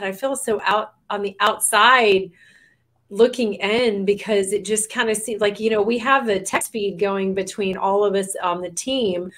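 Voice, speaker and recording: A woman talking casually as an interview guest about her daughters, chatty and giggly. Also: mid-range voice. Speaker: guest, mother of the singers. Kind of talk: casual chat.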